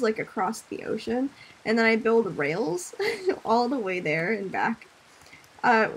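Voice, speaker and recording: A young woman streaming a game, chatting casually, reading chat aloud, laughing often and breaking into loud screams at enemies. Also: on the high side, slight background noise. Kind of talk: casual gaming commentary.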